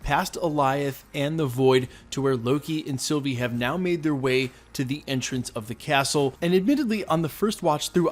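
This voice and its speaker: A man hosting a fan recap and breakdown video, talking with energy and explaining details point by point. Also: mid-range voice. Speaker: host.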